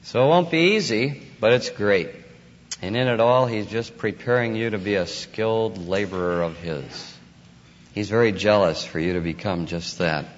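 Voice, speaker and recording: A man giving a folksy, informal sermon as a conference speaker. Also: normal speed. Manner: folksy, rises to excited high voice in anecdotes. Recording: dull lo-fi audio in a hall.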